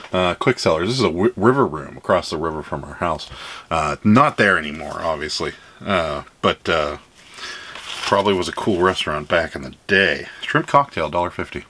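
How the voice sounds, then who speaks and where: A man with a deep voice and a bright, forceful edge hosts a relaxed show-and-tell video about items he has sold. He talks casually and tosses in dry, wry asides. He sounds middle-aged. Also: a little hiss or hum. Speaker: reseller host.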